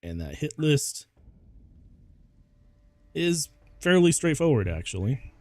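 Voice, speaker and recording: Slow, lively low-voiced male gamer. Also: no room sound. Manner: laughs often, rambling and self-mocking. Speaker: VTuber gameplay streamer. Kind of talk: casual gameplay commentary.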